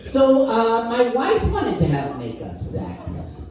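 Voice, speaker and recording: A man's voice: very high voice, wildly swooping pitch, takes it slowly. A middle-aged man doing a stand-up comedy set, firing off one-liners and working the crowd in a live club. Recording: echoey room, mic heard from a distance.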